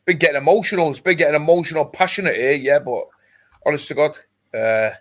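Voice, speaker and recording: A man's voice: a little high, fast, a bit bright. Guy chatting on a livestream, lots of um and mate, reading out comments. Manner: chatty, many fillers, reads out chat comments. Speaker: livestream host. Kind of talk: casual chat.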